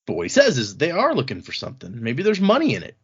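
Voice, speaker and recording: A man's voice: medium pitch, wildly swooping pitch, quick pace, breathy edge. A man hosting a podcast, casually recapping book chapters, laughing often and slipping into voices for quotes. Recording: dull lo-fi sound.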